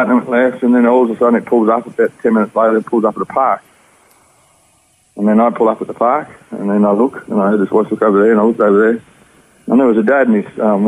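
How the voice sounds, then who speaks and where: A man's voice: fairly low pitch, slightly rough. An Australian man telling his life story as an interview guest, in an earnest, rambling way. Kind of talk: personal testimony. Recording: tinny phone-like radio audio.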